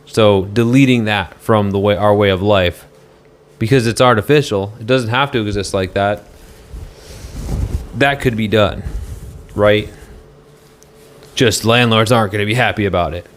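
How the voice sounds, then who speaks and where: A man chatting casually on a livestream from a motel room, rambling and halting as he reads viewer comments aloud. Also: lowish voice, a little hiss or hum.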